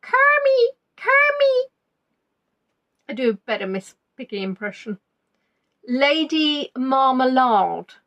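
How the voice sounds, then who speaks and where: Lady running a quiz, high voice, chatty and teasing, repeats the answers. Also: a little slow, dull audio. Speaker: quiz host. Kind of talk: live online quiz chat.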